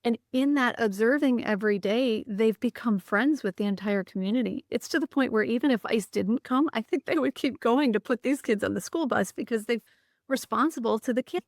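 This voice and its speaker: A woman's voice: fairly high pitch, a little fast, dry recording, clean studio sound. A woman, a podcast guest earnestly recounting stories with frequent restarts. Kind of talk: conversational storytelling.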